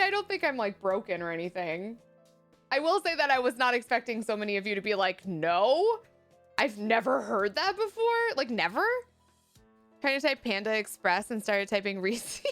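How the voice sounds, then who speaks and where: A woman, chatting casually on a live stream, animated and laughing often as she answers chat. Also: mid-range voice.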